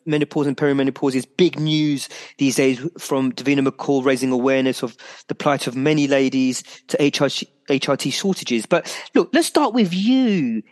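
A man hosting a health talk radio show, chatty and animated, often restarting his sentences. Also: fairly high pitch.

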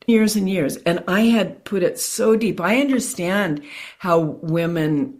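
Low-voiced woman telling a personal story. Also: slow pace. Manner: candid, animated storytelling with quoted dialogue. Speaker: guest.

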